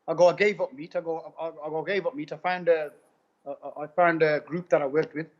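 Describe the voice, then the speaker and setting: A man tells his story in a quick, high voice, piling up retold dialogue with "I go" again and again. The recording sounds muffled and lo-fi. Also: fairly even intonation. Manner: rapid, repetitive retelling with many "I go" quotes. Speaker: guest giving a testimonial. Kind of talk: animated personal storytelling. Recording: dull lo-fi recording.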